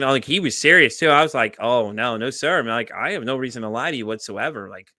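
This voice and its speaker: A man hosting a podcast, telling a story in casual chat with lively energy and frequent swearing. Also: medium pitch, a little fast, no room sound, studio quality. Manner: animated storyteller, swears freely. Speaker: podcast host.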